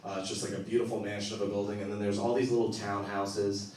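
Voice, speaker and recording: Stand-up comedian in an echoey club. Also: male voice, fairly low pitch, fast talker, slight background noise. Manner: animated, breaks into laughter, acts out quotes. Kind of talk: stand-up storytelling. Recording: echoey room, from a distance.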